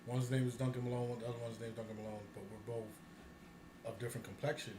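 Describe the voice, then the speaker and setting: A man's voice: medium pitch, flat delivery, quick pace. A man co-hosting a casual talk show, ranting bluntly with plenty of profanity and bursts of laughter. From United States. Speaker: podcast co-host. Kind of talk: casual chat. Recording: echoey room with noise.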